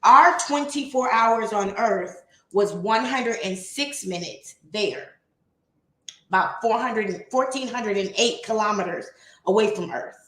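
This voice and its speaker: A woman's voice: mid-range voice, bright, forceful tone. Chatty woman in an echoey room. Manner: chatty, laughs often, reads poetry slowly. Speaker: livestream host reading aloud. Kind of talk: casual livestream reading and chat. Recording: roomy echo.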